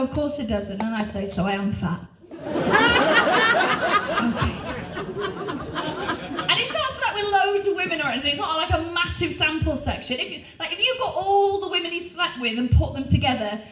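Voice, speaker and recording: A woman performing a stand-up comedy set on a club stage, brash and punchy, swearing freely between bursts of crowd laughter. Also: sits high. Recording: roomy live venue, distant, crowd laughter.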